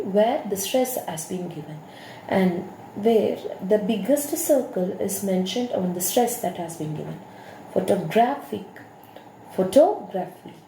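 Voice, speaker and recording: A woman lecturing students on pronunciation teaching, explaining slowly and repeating key terms. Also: medium pitch, dark tone. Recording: echoey room with faint hiss.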